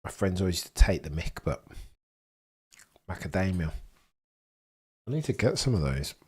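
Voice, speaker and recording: Young streamer, very low husky voice, jokey and chatty. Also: male voice, big pitch swings, moderate pace, darkish tone. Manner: chatty, jokey, laughs often, mutters asides. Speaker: livestream host. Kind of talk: casual livestream chat reading comments.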